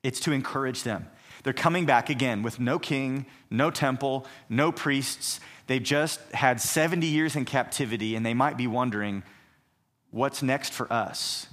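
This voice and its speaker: A man's voice: medium pitch, moderate pace, fairly bright tone. A man teaching a recorded Bible survey lesson, explaining earnestly and asking rhetorical questions.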